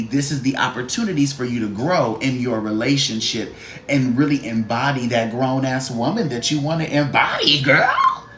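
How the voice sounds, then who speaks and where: A man's voice: mid-range voice, slight background noise. A man giving a live-stream card reading, blunt, profane and sassy, talking straight to the viewer and greeting chatters. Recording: roomy echo.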